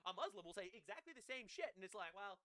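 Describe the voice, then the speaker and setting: Fast, animated, profane streamer man. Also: high-pitched, dry recording, rough recording. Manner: profane, mocking, excitable. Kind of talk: ranting live-stream commentary.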